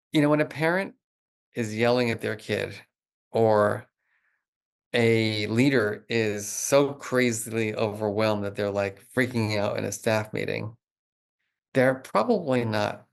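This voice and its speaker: A middle-aged man talking as a guest expert in an interview, animated and explanatory, with lots of "like" fillers. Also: lowish voice, a little slow, creaky. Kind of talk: conversational interview.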